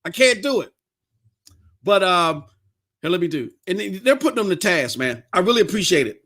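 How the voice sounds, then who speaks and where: A man hosting a live-streamed podcast, talking straight to his viewers in an animated rant that often rises to yelling. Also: sits high, moderate pace. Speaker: podcast host.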